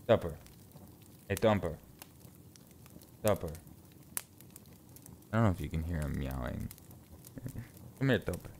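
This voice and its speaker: A man's voice: low voice, gravelly, a little hiss or hum. A man chatting casually on a live stream from a home closet, laid-back and joking, swearing freely, a little stuffy from sinus trouble.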